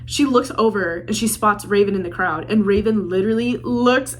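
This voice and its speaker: Young woman book vlogger, chatty and gushing, mid pitch, casual. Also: moderate pace, a little hiss or hum. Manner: gushing, chatty, full of "like" and "literally". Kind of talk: casual reading vlog chat.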